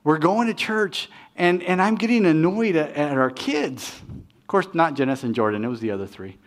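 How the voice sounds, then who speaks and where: Here a middle-aged man gives a sermon as pastor, his slightly high voice animated and moving at normal speed. He tells personal stories conversationally, with self-deprecating humor and many restarts.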